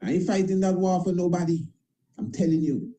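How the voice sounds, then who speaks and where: Here the man's voice sits high and warm, moving a little fast over a low-quality recording. As a priest and internet show host, he delivers an emphatic, repetitive monologue with casual grammar and plenty of tag questions.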